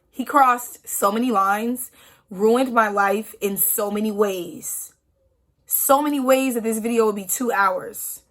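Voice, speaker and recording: A woman's voice: mid-range voice, fairly bright tone. A young woman in her twenties telling a personal story on her vlog, frank and emotional, with many "like" fillers. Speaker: vlogger.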